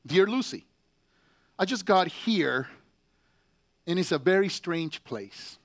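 A man reading aloud the letters of a Marine stationed overseas, slow and heavy with pauses. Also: high voice, lively intonation, fairly bright tone, exaggerated voice. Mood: tender. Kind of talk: letter read aloud in character.

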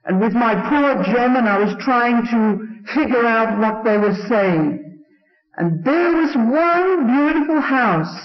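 English man, preacher, sermon, earnest storytelling, very high voice, slow, roomy dull recording. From England. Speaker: Salvation Army preacher.

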